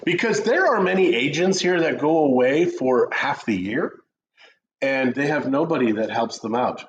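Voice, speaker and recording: A middle-aged man in a relaxed coffee chat, spinning jokey stories with a voice that swoops up and down. His pitch sits in the middle of the range. The stream audio sounds dull and lo-fi. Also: moderate pace, a little hiss or hum. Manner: joking, animated storyteller. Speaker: co-host of a real estate chat show.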